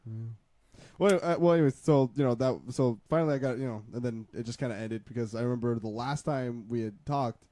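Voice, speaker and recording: A man's voice: mid-range voice, brisk, warm tone, no echo. A man in casual chat, rambling through a personal story with many restarts. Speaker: podcast co-host.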